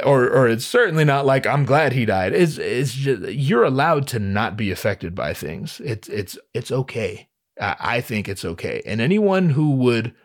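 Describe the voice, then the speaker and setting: A man's voice: mid-range voice, no echo, clean studio sound. A man in his thirties talking in a casual solo monologue, rambling and swearing, with frequent stammered restarts.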